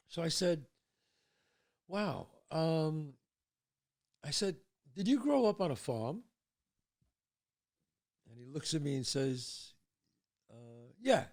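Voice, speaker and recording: Gravelly, animated older male storyteller. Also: medium pitch. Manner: animated storyteller, drops to hushed tones for suspense. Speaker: podcast host. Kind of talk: casual storytelling.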